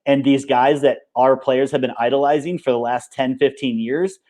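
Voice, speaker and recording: Relaxed male coach in an interview. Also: medium pitch, moderate pace. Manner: relaxed, conversational, retells moments with quoted dialogue. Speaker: coach and former pro player. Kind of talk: casual interview.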